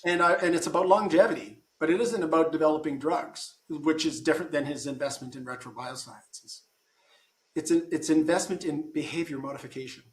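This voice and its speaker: A man speaks in a slightly higher-than-usual register while working through ideas out loud, breaking off and starting his sentences again. His voice carries a noticeable room echo. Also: a little fast. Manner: thinking aloud with frequent restarts. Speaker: guest. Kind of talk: casual conversation.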